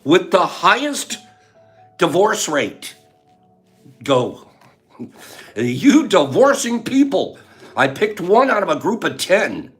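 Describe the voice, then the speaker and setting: A man's voice: high voice, sing-song, slow, pauses often, fairly bright tone, faint music behind. An older man hosting a casual live chat, playful and joking, laughing often and reading out viewers' answers. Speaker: livestream host.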